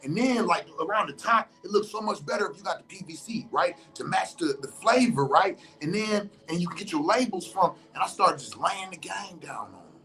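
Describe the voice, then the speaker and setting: A man spins a casual, profane story in heavy slang, his voice riding high and jumping into other people's lines. Faint music plays underneath. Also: expressive, brisk, gravelly, hardly any pauses, bright, forceful tone. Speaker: storyteller recounting an encounter.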